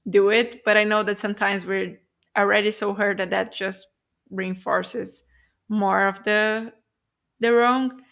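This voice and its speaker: A woman co-hosts a reflective podcast chat, speaking slowly and choosing her words with care. She pauses often and fills the gaps with soft fillers, at an ordinary middle pitch. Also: fairly even intonation, gravelly. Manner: slow, hesitant, many fillers and restarts. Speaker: podcast co-host. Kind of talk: casual reflective conversation.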